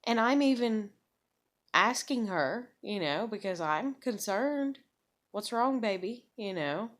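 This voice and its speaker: A woman's voice: medium pitch, lively intonation, slow pace, a bit bright. A woman venting angrily and bluntly to camera, swearing often. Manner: angry, profane, blunt. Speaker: vlogger. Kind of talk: personal vent to camera.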